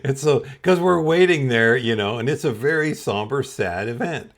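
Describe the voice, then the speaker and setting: A man's voice: mid-range voice, expressive, moderate pace. A man hosting a podcast and telling a comedic personal story, chuckling often as he goes. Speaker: podcast host.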